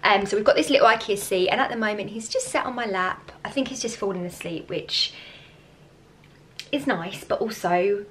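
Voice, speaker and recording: A young woman chatting to her camera in her home kitchen, croaky and tired, rambling with easy laughs. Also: medium pitch, normal speed, a bit bright, slight background noise. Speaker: vlogger. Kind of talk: casual vlog chat to camera.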